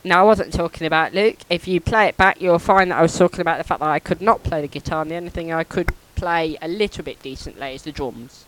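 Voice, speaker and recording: A man co-hosting a casual podcast, talking loudly and often breaking into shouts, mumbling with many ums when serious. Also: a little high, fast, few pauses, slight background noise, poor audio. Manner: loud, prone to shouting. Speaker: podcast co-host. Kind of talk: casual banter.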